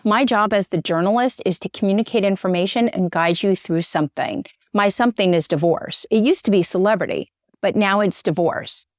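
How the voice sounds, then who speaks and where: A woman's voice: mid-range voice, a little fast, no room sound, clean studio sound. A middle-aged woman, a journalist and interview guest, talking earnestly and getting choked up. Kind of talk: conversational interview.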